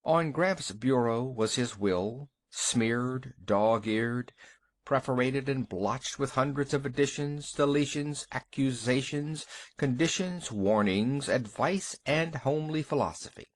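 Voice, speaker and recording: A man narrating a short story for an audiobook in an expressive storytelling manner. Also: medium pitch, slow pace.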